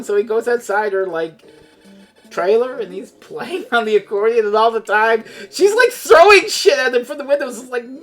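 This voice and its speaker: A woman's voice: a little high, expressive, normal speed, faint music behind. A woman from Europe chatting casually while streaming a game, rambling, sarcastic and profane, often tripping over her words.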